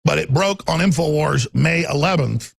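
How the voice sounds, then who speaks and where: In a heated political monologue, a middle-aged talk radio host rants at normal speed, tripping over repeated words and acting out quotes in raised voices. His gravelly, husky voice sits slightly high, captured close and dry in the studio with no room sound.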